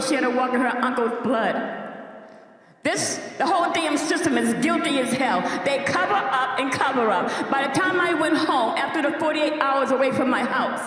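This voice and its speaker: A woman's voice: high voice, a bit bright, distant mic. Grieving older woman in an echoey hall. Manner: slow, heavy, insistent, repeating herself. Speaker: bereaved mother speaking at a community meeting. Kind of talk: emotional public testimony. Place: public meeting hall.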